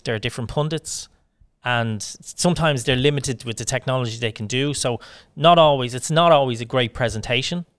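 A man's voice: mid-range voice, fairly bright tone, dry recording. A man hosting a podcast interview, chatty and enthusiastic with a rambling way of talking. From Ireland. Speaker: podcast host. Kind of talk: casual interview chat.

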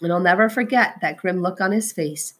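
A woman reading a rhyming storybook aloud in a slow, expressive, rhythmic way. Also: on the low side, slightly rough. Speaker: storybook reader.

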